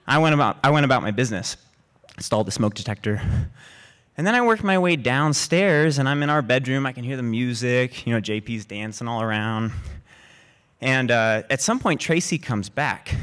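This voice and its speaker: A man telling a true personal story live on stage in a lively way. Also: mid-range voice. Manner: lively, acts out quoted voices. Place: live stage before an audience.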